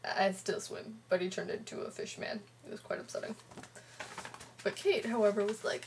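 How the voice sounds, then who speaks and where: A woman's voice: medium pitch, fairly even intonation, normal speed, long pauses, darkish tone, a little hiss or hum. A teenage girl, chatting sarcastically in a home vlog with a sore throat. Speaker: vlogger. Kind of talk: casual vlog chat, retelling a comic.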